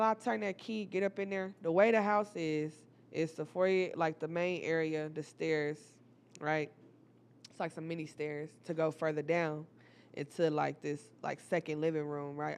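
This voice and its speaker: Animated young woman telling a storytime. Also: sits low, normal speed, clear, resonant tone. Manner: animated, profane, talks straight to viewers. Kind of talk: casual storytime.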